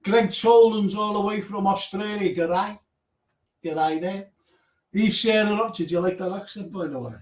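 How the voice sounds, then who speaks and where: High-voiced chatty male radio host. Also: normal speed, few pauses, distant mic. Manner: reads out listener names and messages, chatty asides; tells a ghost story with stammering restarts. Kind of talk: casual chat, live show. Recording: echoey room, away from the mic.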